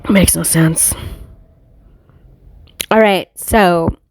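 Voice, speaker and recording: A woman's voice: fairly low pitch, extremely slow, a little mellow, a little hiss or hum. A woman reading tarot cards in a casual monologue recorded on a phone, blunt, profane and confrontational. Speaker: tarot reader.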